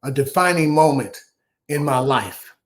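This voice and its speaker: A man's voice: medium pitch, unhurried. A man in his seventies from Chicago, telling his life story in an interview and acting out each voice in it. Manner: animated storyteller who acts out the dialogue. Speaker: guest, former basketball player.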